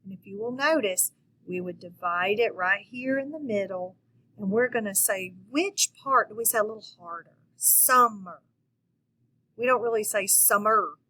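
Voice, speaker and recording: A woman's voice: medium pitch, fairly bright tone, poor audio. A woman teaching a phonics lesson to children, speaking patiently and encouraging her viewers to answer. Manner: slow, patient, encouraging, talks to viewers directly.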